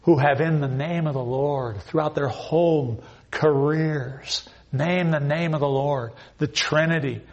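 A man preaching a sermon, quoting scripture and swinging from quiet earnest asides to loud, raised emphasis, often repeating his phrases. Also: on the high side, unhurried, breathy edge, muffled recording.

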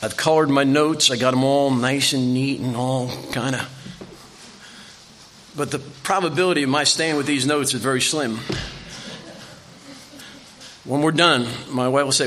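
A man's voice: mid-range voice, measured pace, long pauses, fairly bright tone, a little hiss or hum. An older man preaching a sermon in a church, telling folksy stories and repeating phrases for emphasis. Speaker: visiting preacher.

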